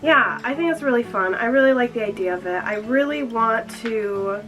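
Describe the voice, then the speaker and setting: A woman's voice: a little high, lively intonation, moderate pace, a bit bright, poor audio. A young woman chatting casually in a vlog, slightly out of breath, filling her talk with "like". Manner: chatty, fills with "like" constantly. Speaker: vlogger.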